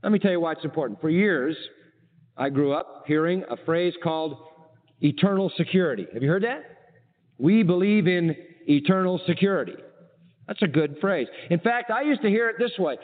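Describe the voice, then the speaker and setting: High-voiced preacher, tinny and echoey. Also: male voice, lively intonation, normal speed. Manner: emphatic, asks the listeners rhetorical questions. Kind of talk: sermon. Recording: tinny narrow-band archive sermon with long hall reverb.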